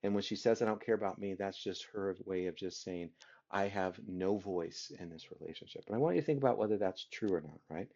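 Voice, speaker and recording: A man's voice: low voice, a little fast, a little mellow. A man teaching a literature class, talking through a story and often checking in with his listeners by asking "right?". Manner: keeps asking the listeners rhetorical "right?" questions. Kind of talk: recorded class lecture. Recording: dull lo-fi recording.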